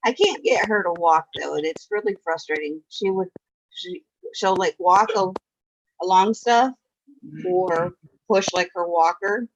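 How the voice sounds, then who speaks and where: A woman's voice: medium pitch, measured pace. A woman hosting a casual online chat, talking freely and swearing now and then. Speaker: stream host. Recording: muffled with faint noise.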